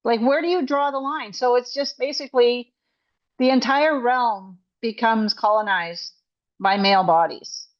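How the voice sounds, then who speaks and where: A woman's voice: fairly high pitch, a little slow. Emphatic woman coach, slightly dull audio. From Canada. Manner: emphatic, indignant, restarts often. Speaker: coach and author. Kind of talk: podcast interview guest.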